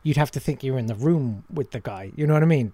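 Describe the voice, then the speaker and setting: A man's voice: mid-range voice, lively intonation, fast, dark tone, dry recording. A man, a comedian and impressionist, chatting casually and self-deprecatingly in an interview.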